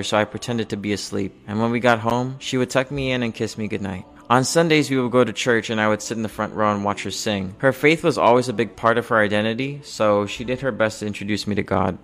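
A young man telling a personal story from his childhood in an earnest, measured way, going quiet on the painful moments. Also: on the low side. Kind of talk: personal spoken-word storytelling.

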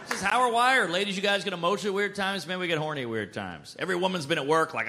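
A man performing a stand-up comedy set on a club stage, with a punchy, brash delivery and quick asides. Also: on the high side, sing-song, heavy background noise.

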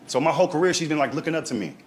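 A young man, a comedian, telling a long story in casual chat, animated and peppered with "right?" and "dog". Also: a little high, racing, a little hiss or hum. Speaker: stand-up comedian.

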